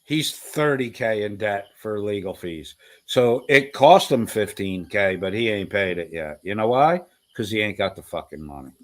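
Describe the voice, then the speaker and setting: A man's voice: lowish voice, lively intonation, normal speed. A man hosting a livestream, reading chat and ranting with profanity and taunts. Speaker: stream host reading chat. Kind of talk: heated livestream commentary.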